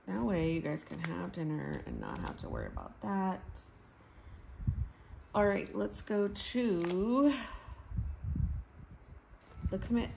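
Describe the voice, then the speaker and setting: Woman, 30s, laid-back planner vlogger, lowish creaky voice, noisy home recording. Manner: chatty, talks to herself while writing. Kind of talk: casual chatty planning vlog.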